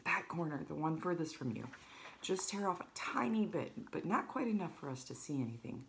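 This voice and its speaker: A woman's voice: sits low, animated, a little fast, creaky, a little hiss or hum, voice pushed up. Earnest little boy, voiced by a woman. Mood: hushed earnest. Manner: hushed and earnest. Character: eager, polite young boy. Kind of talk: reading aloud to children.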